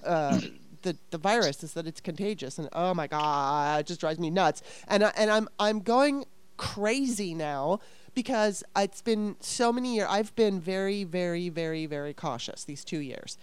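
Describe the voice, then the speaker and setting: Woman, heated casual chat, exasperated venting, profanity, smooth clear voice, dry close sound. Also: on the low side, moderate pace, no room sound.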